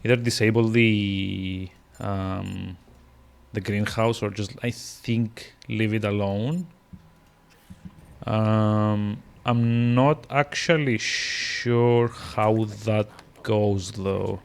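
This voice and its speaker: A man's voice: lowish voice, fairly even intonation, drawn-out words, vocal fry, clean tone. A man streaming a video game, rambling with lots of fillers and restarts as he plays. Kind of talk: casual gameplay commentary.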